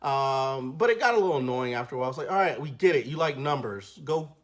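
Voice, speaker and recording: A man giving a casual film review in a slangy, animated way, often acting out scenes. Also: mid-range voice, quick pace.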